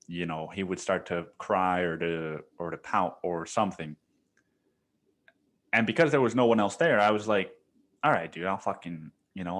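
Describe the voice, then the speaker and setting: A young man with a slightly low voice talks through a casual solo podcast episode. He rambles, swears often, and keeps restarting his sentences. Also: fairly bright tone. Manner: rambling, profane storytelling with frequent restarts. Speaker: podcast host.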